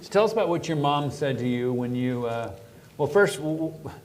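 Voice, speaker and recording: A man's voice: medium pitch, animated, normal speed, darkish tone. Man hosting a conversational interview. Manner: guiding, prompting questions. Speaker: interview host.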